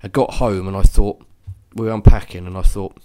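A man's voice: on the low side, fairly even intonation, brisk, dark tone. A man co-hosting a podcast, chatting casually and rambling with many fillers and restarts. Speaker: podcast co-host. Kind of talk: casual chat.

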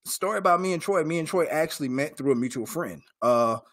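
A man's voice: a little high, expressive, fairly quick, fairly bright tone. A man from Georgia hosting an interview, chatty and friendly, tossing in "man" often. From Georgia, USA. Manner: friendly, says "man" often, hype-style introductions. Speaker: host. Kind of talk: casual interview talk.

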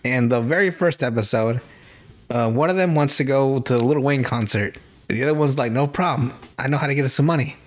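A man's voice: medium pitch, brisk. A young man co-hosting a casual chat, swearing a lot, rambling through stories and laughing often. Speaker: podcast co-host.

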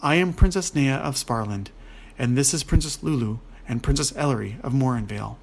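A man's voice: mid-range voice, brisk, vocal fry. A man voicing a gracious, commanding young princess.

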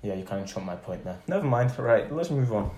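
Young guy, low voice, quick and dismissive, faint background hiss. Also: animated, warm tone, echoey room. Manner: dry, dismissive, contrary. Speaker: podcast co-host. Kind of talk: casual banter.

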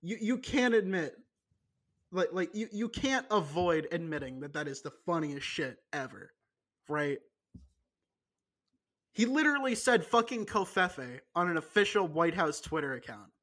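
A man's voice: fairly high pitch, expressive, normal speed, long pauses, fairly bright tone. A man co-hosting a podcast in casual chat, rambling and joking with lots of restarts. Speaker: podcast co-host.

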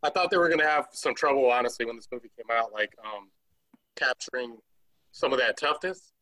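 A man's voice: medium pitch, lively intonation, a little fast, sharp tone, low-quality recording. A man co-hosting a podcast, chatting casually and hammering his points home by repeating them. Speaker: podcast co-host reviewing a movie. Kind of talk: casual chat.

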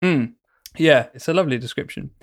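A man's voice: fairly high pitch, brisk, slightly rough, no room sound, studio quality. Playful, rambling man in casual chat. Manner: playful, rambling, vivid storytelling. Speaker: podcast co-host.

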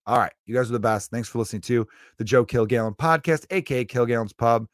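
A man's voice: mid-range voice, fast talker, dry recording, clean studio sound. A man in his thirties hosting his own podcast, talking casually and motivationally, with the odd swear word. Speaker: podcast host. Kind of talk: casual solo podcast monologue.

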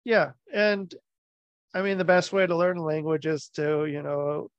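A man hosts a podcast, talking very slowly and haltingly as he gropes for words, in a slightly high voice. The sound is dry and close, with a dull lo-fi quality. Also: smooth, no echo. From United States. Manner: halting, searching for words, many fillers. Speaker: podcast host. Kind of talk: casual interview conversation.

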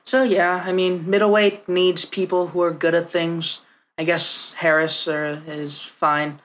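A man's voice: on the high side, flat delivery, measured pace, fairly bright tone, slight background noise. Laid-back man chatting on a podcast. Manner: laid-back, noncommittal remarks. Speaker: podcast co-host. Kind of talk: casual podcast chat.

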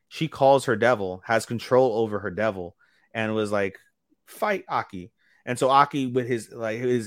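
Man, podcast co-host, lowish voice, casual animated retelling, close dry recording. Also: no room sound. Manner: rambling, animated retelling with quoted character lines and swearing. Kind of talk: casual chat recapping anime.

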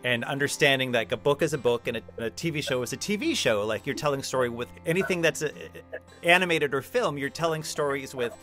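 A man's voice: mid-range voice, expressive, quick pace, a bit bright, soft background music. A man hosting a podcast interview, effusive and gushing with praise, with some playful teasing. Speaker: podcast host. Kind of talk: casual interview chat.

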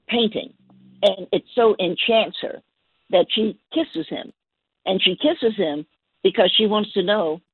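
Husky woman on the phone telling a story, stops and repeats herself a lot, sounds dry and tinny. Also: medium pitch, no room sound. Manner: halting, repeats words while telling a gentle story. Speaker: guest. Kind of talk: storytelling on a call-in show.

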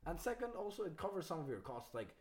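A man's voice: a little high, very animated, quick pace, a little mellow. Laid-back young man in profane banter. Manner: loose and profane, laughs often, acts out voices. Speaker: stand-up comedian, podcast guest. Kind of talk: casual podcast banter.

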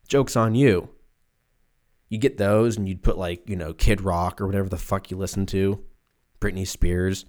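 Here the same kind of home podcaster, a man in his twenties, keeps his delivery fairly flat in pitch movement and moderate in pace, his voice low and darkish in tone. Alone in a room with open windows, he rambles, swears freely and puts on silly exaggerated voices.

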